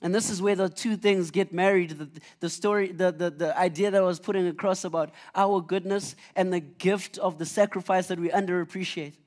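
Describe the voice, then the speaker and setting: A man's voice: sits high, steady tone, fairly quick, few pauses, a little mellow. A man preaching a conversational sermon, telling Bible stories earnestly with frequent restarts.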